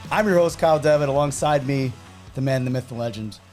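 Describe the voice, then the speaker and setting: A man's voice: mid-range voice, fast, faint music behind. A young man with a New England accent, hosting a casual chat and telling stories with laughter and quoted voices. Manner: animated storyteller, laughing and dropping into quoted voices. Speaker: podcast host.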